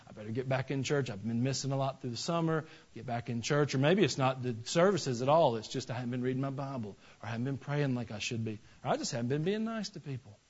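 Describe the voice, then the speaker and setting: A man's voice: mid-range voice, muffled recording. A male pastor preaching a sermon in a folksy, conversational way that builds into emphatic passages.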